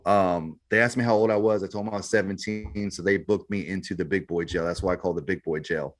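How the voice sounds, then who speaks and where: A man's voice: low-pitched, steady tone, fast. A man guest on a podcast, telling his story in a laid-back, slangy way, often saying "man" and "bro". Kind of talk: casual storytelling.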